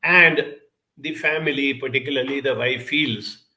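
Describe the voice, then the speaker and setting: A man's voice: medium pitch, fairly even intonation, a little slow, pushed and bright, low-quality recording. A man, a counselor giving an earnest, explanatory talk to camera and putting questions to the viewer.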